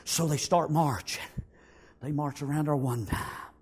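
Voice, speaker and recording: A man preaching a sermon, acting out the story, shouting some lines and whispering others. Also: fairly high pitch, measured pace.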